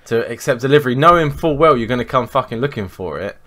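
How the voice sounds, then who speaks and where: A man's voice: medium pitch, fast. A man co-hosting a casual advice podcast, blunt and swearing heavily as he tells stories. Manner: blunt, heavy swearing, animated storyteller. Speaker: podcast co-host.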